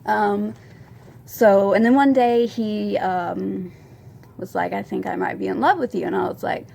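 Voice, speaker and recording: A woman in her twenties telling a confessional story as a vlogger, rambling with many ums and soft laughs. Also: mid-range voice, unhurried, slight background noise. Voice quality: gravelly vocal fry. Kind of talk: storytime vlog.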